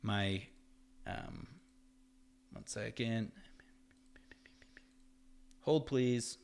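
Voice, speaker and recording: A man hosting a live stream, talking casually in an animated, rambling way, his voice jumping up whenever he quotes someone. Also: fairly low pitch, very slow, creaky, clean tone. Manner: animated and rambling, voice jumps up when quoting others. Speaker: host of a live effects-art stream. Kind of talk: casual livestream talk.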